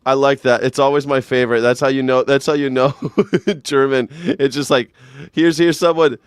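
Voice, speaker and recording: A man's voice: medium pitch, steady tone, moderate pace, clean tone, no room sound, studio quality. A middle-aged man hosting a live news reaction stream, chatting casually and rambling with frequent laughs. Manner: rambling, jokey, laughs often, bursts into shouted mock voices. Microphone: desk mic.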